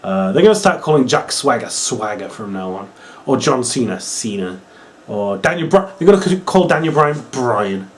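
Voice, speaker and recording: A man's voice: medium pitch, big pitch swings, normal speed. A young man giving a casual, exasperated review full of sarcasm and fillers like "uh" and "like". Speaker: wrestling reviewer.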